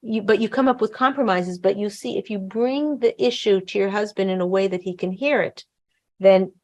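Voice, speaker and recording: A woman's voice: medium pitch, moderate pace, a little mellow. A woman hosting a talk show, coaching in a casual chatty way, often acting out what wives and husbands might say. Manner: chatty, acts out quoted voices, frequent fillers and restarts.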